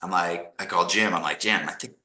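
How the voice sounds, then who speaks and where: A middle-aged man from Canada, a podcast guest telling animated stories and acting out the people he quotes. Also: low-pitched, brisk, echoey room, low-quality recording. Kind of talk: casual storytelling interview.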